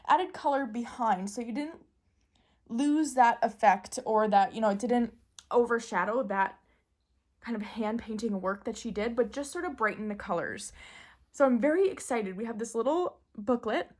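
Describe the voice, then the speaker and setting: A woman in casual, excitable chat, gushing and giggling as she shows off a new deck. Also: fairly high pitch, moderate pace. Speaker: tarot deck reviewer.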